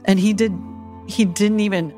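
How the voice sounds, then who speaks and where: A woman's voice: mid-range voice, steady tone, normal speed, warm tone, soft background music. A woman chaplain, a podcast guest, telling a story in an earnest and tender way. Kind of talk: emotional storytelling.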